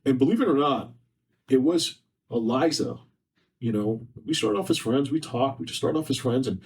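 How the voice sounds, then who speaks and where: A faulty setup put the mic at a distance from this podcast guest. He recounts a personal story earnestly and emotionally, repeating himself often, in a medium-pitched voice that's a little mellow and slightly rough, at a moderate pace.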